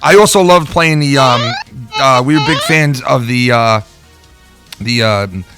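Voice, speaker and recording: A man hosting a casual podcast, telling profane stories in an animated way. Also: medium pitch, measured pace, music in the background. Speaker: podcast host.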